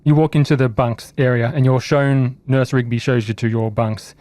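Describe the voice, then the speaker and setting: A man narrating a tabletop horror game as game master, relaxed and descriptive. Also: medium pitch, normal speed, dry recording.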